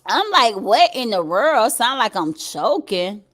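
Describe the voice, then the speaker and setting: A high-pitched woman hosts a live stream from her home. She chats straight to her viewers, breaking into laughter and swearing without a second thought. Her voice comes through a computer mic. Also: very animated, slow pace, a bit bright. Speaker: livestream commentary host. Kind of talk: casual live commentary to chat. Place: at home, upstairs. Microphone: computer mic on a livestream.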